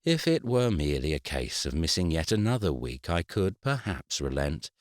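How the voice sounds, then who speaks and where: Formal unbending solicitor, slow and measured, deep voice, read by a male narrator. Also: sing-song, no echo, clean studio sound. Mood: cool.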